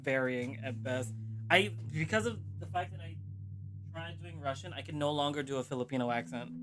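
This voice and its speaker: A man chatting excitedly while playing through a visual novel, exclaiming often. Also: fairly high pitch, fairly quick. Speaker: co-player. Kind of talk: casual let's-play banter.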